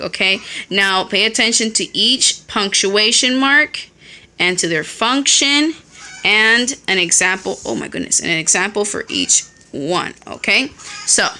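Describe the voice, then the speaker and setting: Bright-voiced woman teaching a lesson. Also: mid-range voice. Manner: explains step by step, often checks in with 'okay?'. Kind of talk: recorded classroom lesson. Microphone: phone held in hand.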